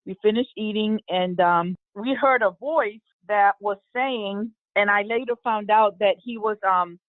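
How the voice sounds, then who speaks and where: A woman, an eyewitness, recounting an incident in an interview, halting with many fillers and restarts. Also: mid-range voice, no echo. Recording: tinny phone-line audio, dry.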